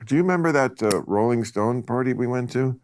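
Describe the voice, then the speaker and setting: A middle-aged man hosting a casual chat over drinks, wry and quick to laugh. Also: a little hiss or hum. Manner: wry, laughs often, lively pitch. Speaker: host. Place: studio set. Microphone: lapel mic.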